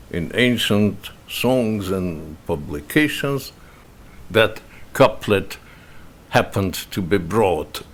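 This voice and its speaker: Slow low-voiced man reading verse. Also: lively intonation. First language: Russian. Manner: slow, measured verse reading with pauses between phrases. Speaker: reader and translator.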